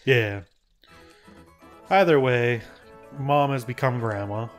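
A man's voice: mid-range voice, slow, faint music behind. Laid-back man chatting over gameplay. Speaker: let's play co-host. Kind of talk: casual gameplay chat.

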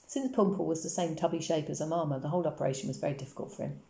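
A woman reading a chapter of a children's novel aloud in a calm, measured storybook narration. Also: deep voice, gravelly. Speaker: audiobook reader.

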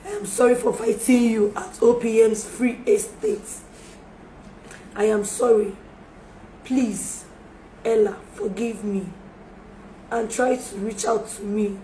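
A woman's voice: a little high, fairly even intonation, slow pace, long pauses, mellow. A woman in an emotional live-stream appeal, pleading and apologizing again and again, recorded on a phone. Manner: pleading, repeats apologies and requests for forgiveness. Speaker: livestreamer making a public apology. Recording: echoey room with faint background noise.

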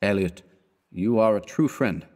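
A man's voice: on the low side, measured pace, close to an everyday voice. Man doing a lovesick, moody young painter. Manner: sad, gentle, dogged.

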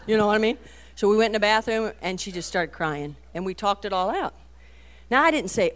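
A middle-aged woman giving a folksy, animated talk to a women's meeting, storytelling with many asides. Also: mid-range voice, a little fast. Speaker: Christian women's speaker.

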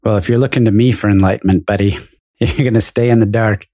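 Low, warm male voice, self-deprecating. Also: fairly even intonation, fast, no room sound. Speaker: podcast co-host. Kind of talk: casual philosophy discussion.

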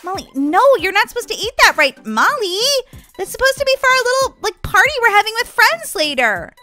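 High bright voice, woman playing mom in roleplay, patient scolding. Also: big pitch swings, fairly quick, soft background music. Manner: patient, motherly, mildly scolding. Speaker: role-player voicing the mom. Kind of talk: family role-play over game footage.

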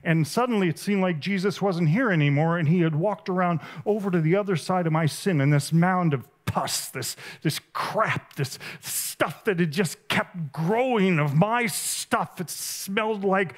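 A man giving a sermon at a conference, earnest and vivid, with halting restarts. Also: sits high. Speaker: conference speaker. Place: conference stage.

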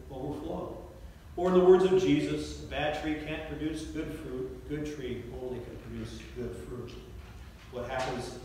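A man's voice: fairly high pitch, a little hiss or hum. Male pastor, sermon, conversational, long church reverb, distant mic. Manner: conversational preaching, asks the congregation questions. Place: church sanctuary.

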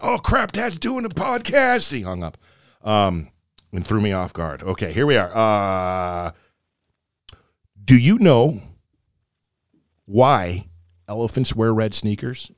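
A middle-aged man co-hosting a casual podcast, telling dad jokes in a playful, animated way. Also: lowish voice, normal speed, pauses often, no room sound, studio quality. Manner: jokey, animated storyteller, acts out voices in jokes.

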